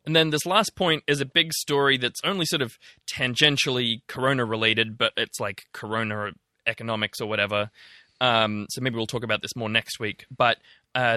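A man's voice: medium pitch, sharp tone, dry recording, clean studio sound. A man co-hosting a podcast, talking through the news in a chatty, sarcastic way with many ums. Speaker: podcast co-host. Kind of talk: casual news chat.

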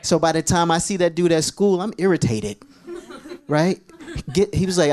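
A man preaching a sermon as pastor, telling animated, jokey stories to his church. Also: on the high side, a little fast.

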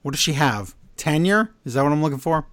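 A man co-hosting a casual wrestling podcast, poking fun at what he recaps. His voice sits a little high and swings widely in pitch. The sound is dry and close. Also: a little fast, dry recording. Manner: animated, exasperated, mocking the quotes.

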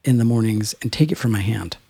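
Guy with a gravelly husky voice, rambly casual podcast chat. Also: fairly low pitch, quick pace, mellow, no echo. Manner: rambling, storytelling with filler words.

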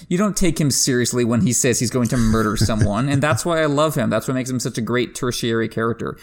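A man hosting a book discussion podcast, giving enthusiastic literary analysis, pushing his pitch up sharply for emphasis and laughing now and then. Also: animated, brisk, hardly any pauses. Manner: laughs while talking. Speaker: podcast host.

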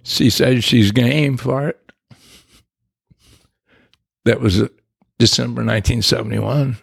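An older man with a deeply gravelly, husky voice, recorded close and dry. He rambles and reflects as he tells his story, with restarts and soft chuckles. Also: steady tone, slow, dry recording. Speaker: guest. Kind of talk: personal recovery story, conversational.

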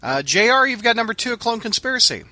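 A man's voice: very high voice, sing-song, quick pace, pushed and bright. A man hosting a casual podcast, giving an upbeat, announcer-like intro. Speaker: podcast host. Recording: music bed under voice.

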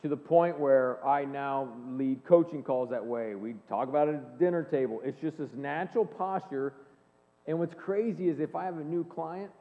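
A man in his forties giving an earnest, animated faith-based talk, telling personal stories to an audience in a large hall. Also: on the high side, moderate pace. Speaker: speaker and leadership coach. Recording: long hall reverb, phone-like band.

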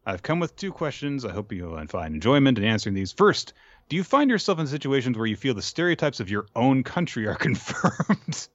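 A man co-hosting a podcast in casual chat, reading listener questions with relaxed, dry humor. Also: medium pitch, fairly quick, no room sound. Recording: dull lo-fi mic, dry.

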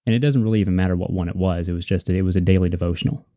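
A man's voice: low voice, rapid-fire, dark tone, no room sound. A man co-hosting a casual faith discussion, earnest and reflective, repeating points for emphasis. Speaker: podcast co-host.

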